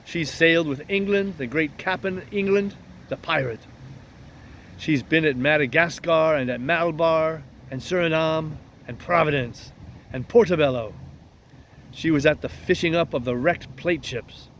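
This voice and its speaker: A man's voice: a little high, a little slow, a bit bright, slight background noise. A man playing a crafty old one-legged ship's cook, talking in a coaxing, folksy sailor's way in a storybook reading.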